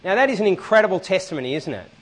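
A man preaching a sermon in a church hall, animated and often asking the congregation questions. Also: high voice, racing.

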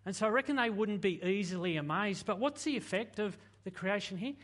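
A man preaching a sermon in an animated, conversational way, full of rhetorical questions. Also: high voice, brisk. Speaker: pastor.

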